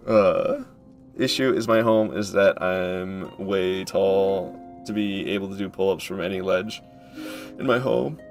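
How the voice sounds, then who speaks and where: Casual male streamer, lowish voice, jokey and talkative with chat, soft game music underneath. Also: unhurried. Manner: chatty, joking, often laughing and answering chat. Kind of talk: casual live-stream commentary. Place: at home.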